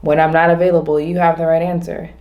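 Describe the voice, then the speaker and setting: Woman, low voice, casual reflective vlog, rambling with restarts, slows down to stress points. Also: flat delivery, dull audio. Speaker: vlogger.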